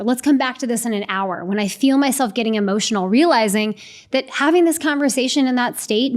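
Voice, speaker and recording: A middle-aged woman explains leadership habits in a clear, structured, conversational podcast style. Her voice sits a little high for a woman. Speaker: podcast co-host, leadership coach.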